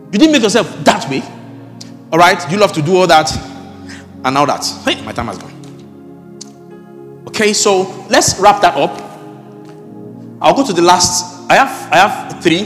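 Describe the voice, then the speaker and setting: A man preaching a sermon as pastor, animated and rising at times to shouts. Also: on the high side, big-room sound.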